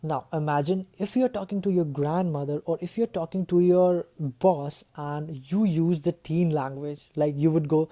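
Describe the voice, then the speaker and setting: A woman teaches a lesson to camera in a low, very dark and mellow voice. She talks in a chatty way and keeps ending her points with tag questions. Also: normal speed, few pauses. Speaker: communication skills teacher.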